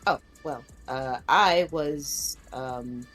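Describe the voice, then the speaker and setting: A woman's voice: extremely low pitch, very slow, a bit bright, soft background music. A woman playing a tabletop game, speaking in character as a paladin, with many fillers and restarts. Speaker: tabletop player. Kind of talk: in-character role-play chat.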